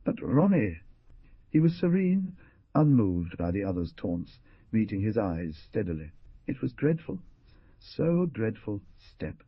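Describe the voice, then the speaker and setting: A man's voice: lowish voice, a little slow, husky, dry recording. A man giving a dramatic, theatrical audiobook narration on a dull lo-fi recording. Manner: expressive, theatrical.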